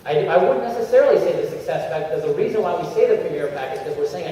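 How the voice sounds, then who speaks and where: A man giving an energetic coaching talk to a convention crowd, acting out little scenes in changing voices. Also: fairly high pitch, fast talker, a little hiss or hum. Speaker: motivational speaker at a sales convention. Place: large convention hall. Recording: echoey convention hall, far from the mic, dull sound.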